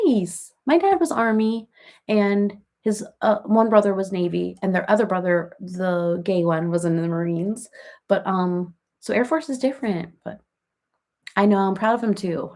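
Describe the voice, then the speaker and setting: A woman's voice: medium pitch, normal speed, dark tone, close to an everyday voice. A woman playing a rambling, chatty reality-TV woman in a comedic parody livestream, who baby-talks her cats and answers viewers by name.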